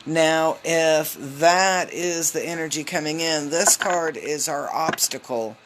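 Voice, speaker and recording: A woman giving a casual live tarot reading on a phone, chatty and loose, with lots of filler ums and quick hellos to her viewers. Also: low voice, slight background noise. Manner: greets viewers mid-reading. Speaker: tarot reader.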